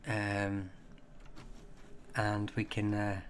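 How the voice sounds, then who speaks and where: A man hosting a casual livestream and chatting with viewers in a rambling, halting way, with many fillers and restarts. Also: on the low side, monotone, slight background noise. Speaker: livestream host.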